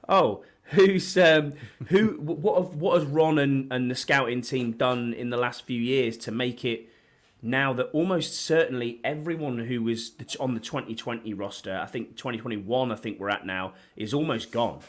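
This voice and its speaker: A man's voice: medium pitch, normal speed. A man from the northeast of England with a northern English accent, co-hosting a casual podcast chat while worn out by a flu, rambling with many restarts. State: tired with a flu. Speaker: podcast co-host.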